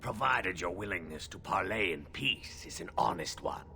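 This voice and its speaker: An actor playing a solemn, guarded male werewolf gatekeeper in a video game, speaking formally in a gravelly whispered snarl. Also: sits low, lively intonation, sharp tone, slight background noise, full character voice. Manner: formal, measured speech.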